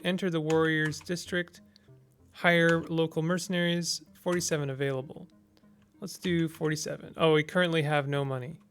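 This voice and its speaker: A man casually commenting as he plays a text-based strategy game, reading its text aloud and thinking through his moves with small hesitations. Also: on the high side.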